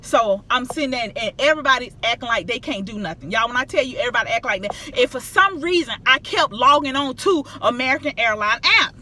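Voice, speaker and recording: A middle-aged woman tells a travel story to her viewers in a casual, emphatic, animated way. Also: fairly high pitch, fast talker, few pauses, a little hiss or hum. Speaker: vlogger.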